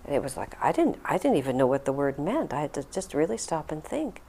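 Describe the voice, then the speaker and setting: A woman's voice: low voice, very animated, fast, warm tone, a little hiss or hum. An older woman, a spiritual teacher, talking to a group and telling an earnest, reflective story with acted-out quotes. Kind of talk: talk to a group, answering a question.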